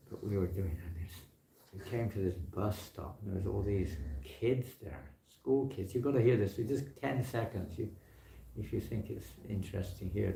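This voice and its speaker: A man's voice: sits low, gravelly, dark tone, a little hiss or hum. A man giving a chatty, anecdote-filled talk at a temple, telling stories in an easygoing way. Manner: anecdotal, chatty, acts out quoted people. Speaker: temple speaker. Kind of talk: informal spiritual talk. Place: temple hall. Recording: echoey temple hall.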